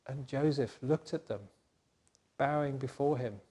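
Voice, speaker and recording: A man telling a Bible story to children in an animated, expressive way. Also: medium pitch, measured pace, breathy edge.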